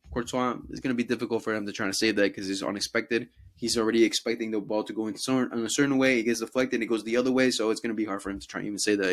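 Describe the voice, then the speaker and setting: A young man hosting a casual football talk show, swearing freely and mocking players in put-on voices. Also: on the low side. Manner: profane, animated, mocks players in put-on voices. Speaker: podcast host.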